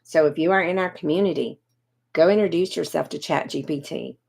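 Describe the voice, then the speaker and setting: A woman in her fifties gives a casual livestream pitch, coaching her online audience in a slightly low voice that's gravelly, husky, and a little mellow. She talks fairly fast in a chatty, direct manner, frequently pausing to respond to viewers by name.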